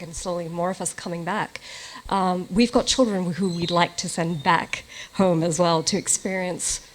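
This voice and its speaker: A woman's voice: on the low side, a little hiss or hum, poor audio. A woman from Australia with a partly American accent, asking a long, rambling question from the audience in a friendly, chatty way. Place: conference hall.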